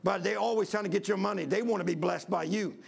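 Preacher guy in church, high gravelly voice, repeats himself and hollers. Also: fast talker. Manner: emphatic, repetitive, building to shouts. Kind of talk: sermon. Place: church before a congregation.

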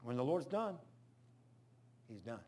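A pastor telling a story in a sermon, animated and repetitive, breaking into loud outbursts. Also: male voice, medium pitch, unhurried, slight background noise. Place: church.

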